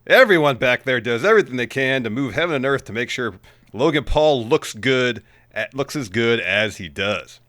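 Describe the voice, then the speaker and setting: A man's voice: mid-range voice, lively intonation, moderate pace, fairly bright tone, no room sound, studio quality. A man co-hosting a podcast, recapping wrestling in laid-back banter and chiming in often. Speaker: podcast co-host. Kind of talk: casual wrestling recap chat.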